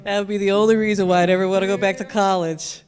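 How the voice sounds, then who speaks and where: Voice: medium pitch, little pitch movement, quick pace, soft background music. An upbeat host runs a campus open-mic night, cheerfully introducing each performer. The voice sits mid-range and stays enthusiastic. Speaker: event host. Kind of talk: emcee introductions. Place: college event stage.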